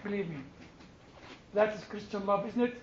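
A man with a notably high voice teaches a church class, moving from personal stories to pointed questions for his listeners. The room is echoey and the sound a little muffled, with faint background noise. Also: moderate pace. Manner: storytelling, asks the room questions, builds to forceful emphasis. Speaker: Orthodox clergyman teaching a class.

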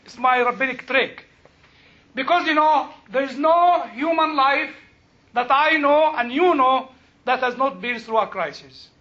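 A man's voice: extremely high pitch, unhurried, bright, forceful tone, muffled recording. A man speaking as a rabbi to a group, chatty and joking, often asking the audience questions. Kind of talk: informal talk with jokes.

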